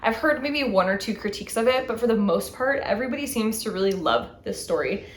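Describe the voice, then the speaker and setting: In a reverberant room with slight background noise, a fast-talking woman speaks with a fairly high, expressive voice. She's in her thirties and hosts a book channel, eagerly going through each book in a haul vlog and reading their back covers.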